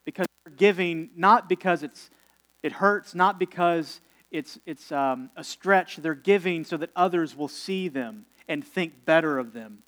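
In this sermon, a man with a fairly high voice, a pastor, chats with his congregation in a calm, conversational way. He says um now and then and slows to deliberate pauses on key words.

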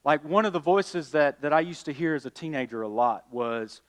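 A man preaching a sermon, rising to emphatic calls and then dropping quiet. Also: a little high, normal speed. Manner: addresses listeners as y'all. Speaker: pastor.

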